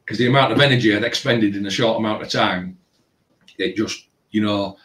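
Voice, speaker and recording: A tattoo shop owner casually rambles through a long, animated story packed with filler phrases. His voice is on the low side and fairly quick, recorded roomy and from away from the mic.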